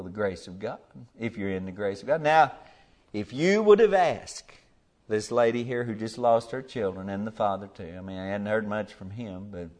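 A man preaching a sermon, folksy and plain-spoken, rising to fervent emphasis and dropping to near whispers. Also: mid-range voice.

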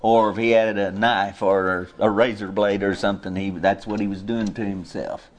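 A man preaching a sermon, passionate, climbing into high, loud cries when he quotes scripture. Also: level tone, moderate pace. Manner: impassioned, rises to high cries when quoting. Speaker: pastor.

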